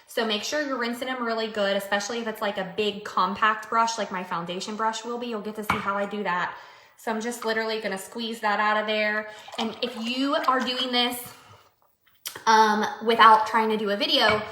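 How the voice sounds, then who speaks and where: A woman's voice: on the high side, bright, forceful tone, reverberant. A woman vlogger chatting casually through a beauty product demo, upbeat and full of fillers. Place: home room by mirror.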